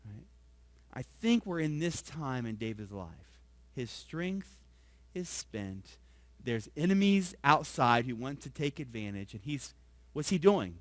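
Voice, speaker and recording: A male pastor preaching a sermon. He keeps asking the congregation questions, tags his points with "right?", and swings from soft, low asides to loud emphasis. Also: expressive, a little slow, no room sound.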